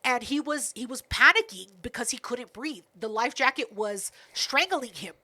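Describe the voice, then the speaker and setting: A woman's voice: fairly high pitch, lively intonation, normal speed, bright, forceful tone. A woman co-hosting a podcast, telling a family story in casual, profane chat. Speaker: podcast co-host.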